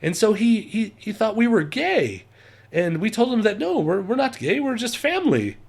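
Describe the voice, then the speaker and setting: A man's voice: sits high, big pitch swings, moderate pace, creaky, slightly rough, pitched above the performer's own voice, heavily acted. A man voicing a young male German hitchhiker in a put-on German accent, talking earnest and upbeat. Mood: earnest, cheerful.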